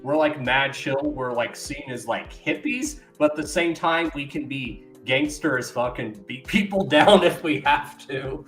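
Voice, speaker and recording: A man's voice: medium pitch, measured pace, hardly any pauses, fairly bright tone, soft background music. A man from Colorado, a podcast guest talking in a laid-back, casual way, full of "like". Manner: laid-back, says like a lot.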